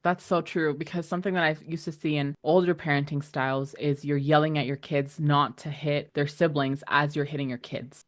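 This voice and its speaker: Low-voiced woman podcast host. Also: steady tone, moderate pace, few pauses. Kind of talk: interviewing.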